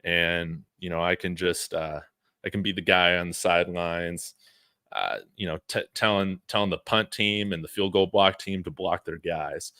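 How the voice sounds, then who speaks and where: Male sports streamer, low voice, dry close sound, loose rambling chat with fillers. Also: moderate pace, no echo. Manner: relaxed, rambling, frequent fillers and chuckles. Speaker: sports channel host. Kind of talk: casual live-stream chat reading super chats.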